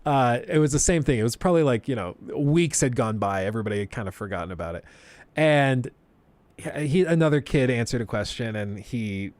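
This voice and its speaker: A man's voice: mid-range voice, animated, a little fast, a little mellow, dry recording. A young man telling a story on a livestream, laughing often and acting out the people he quotes. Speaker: streamer.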